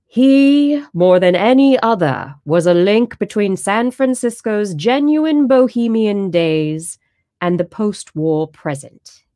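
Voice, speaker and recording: A woman's voice: mid-range voice, expressive, slow pace, warm tone, dry recording, clean studio sound. A woman voicing a solemn male funeral preacher, putting on an accent and declaiming in a storybook reading.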